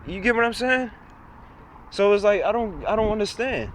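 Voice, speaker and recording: A young man rants to the camera in a rambling, repetitive way, swearing freely. His voice sits a little high for a man. He records outdoors by a busy road, with clear traffic and wind noise behind him. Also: animated, moderate pace. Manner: rambling, repetitive, frequent profanity. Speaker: vlogger. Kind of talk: casual rant to camera. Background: traffic and trucks.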